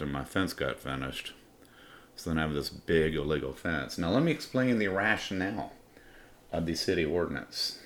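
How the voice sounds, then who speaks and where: A middle-aged man, telling a crude, defiant personal story in blunt, profane first-person style as a podcast host. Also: a bass voice. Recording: roomy room with faint ambience.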